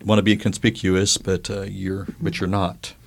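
Male podcast co-host, lower voice, halting, casual delivery full of restarts. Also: little pitch movement, creaky. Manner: hesitant, halting, with many restarts. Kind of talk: casual chat.

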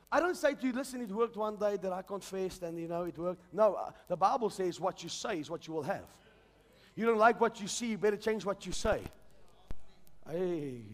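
High-voiced fervent male preacher. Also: big-room sound. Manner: fervent, calls congregation to repeat after him. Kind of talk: sermon.

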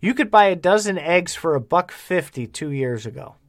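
A man's voice: on the high side, lively intonation, normal speed. Blunt ranting man. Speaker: podcast co-host. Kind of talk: casual chat.

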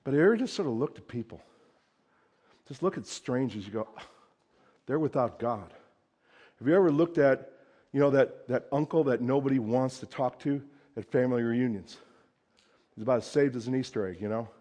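A pastor giving a conversational sermon, swinging between loud emphasis and hushed asides. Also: male voice, medium pitch, a little fast.

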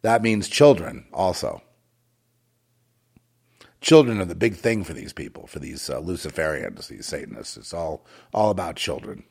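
A man's voice: sits low, lively intonation, moderate pace, gravelly, darkish tone, breathy edge. A man delivering a rambling, moralizing monologue with a sardonic, digressive way of talking.

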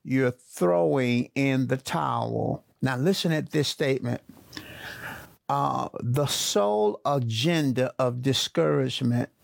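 A male pastor preaching a sermon, slowly repeating his key phrases for emphasis. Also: medium pitch, gravelly, dry recording, studio quality.

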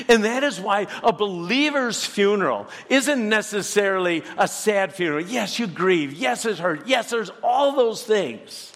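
A man with a high voice preaches at an unhurried, deliberate pace, earnest and emphatic. His questions to the congregation ring out in a church sanctuary with a long reverb trailing behind. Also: animated, a bit bright. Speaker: pastor. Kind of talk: sermon.

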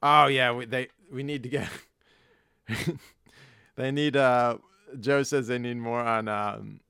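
Smooth-voiced man telling rambling stories. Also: mid-range voice, fairly even intonation, slow pace, bright, forceful tone, no echo. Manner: rambling anecdotal storyteller, swears freely. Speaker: podcast host. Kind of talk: casual chat.

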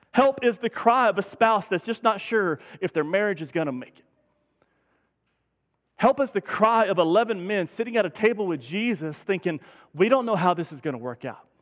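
High-voiced pastor in a reverberant church. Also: male voice. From Texas. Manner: conversational, self-deprecating storytelling with many restarts. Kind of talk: sermon with opening prayer. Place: church sanctuary.

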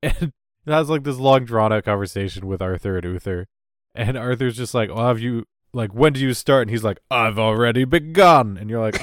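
A man co-hosting a casual podcast chat about a TV show, swearing freely and animated. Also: medium pitch, a little fast, dry recording, clean studio sound. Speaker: podcast co-host. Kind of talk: casual chat recapping a TV episode.

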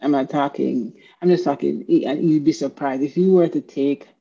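A podcast host speaking slowly and reflectively in casual conversation, sometimes losing the thread. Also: medium pitch, fairly even intonation, creaky, warm tone, husky. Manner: slow, reflective, loses the thread at times. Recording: dull lo-fi sound.

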